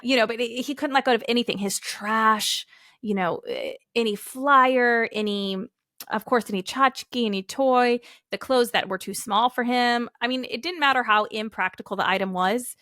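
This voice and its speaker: A woman's voice: on the high side, moderate pace, pushed and bright, dry recording, clean studio sound. A woman in her thirties hosting a casual solo podcast, upbeat and chatty, often acting out what her family says. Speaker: podcast host.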